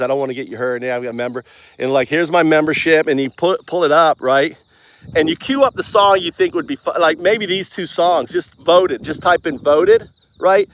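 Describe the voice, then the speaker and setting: A man in a casual, rambling monologue. He jokes mockingly, keeps tagging his sentences with "right?" and often restarts mid-sentence. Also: on the high side. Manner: mocking, jokey, chuckles while talking.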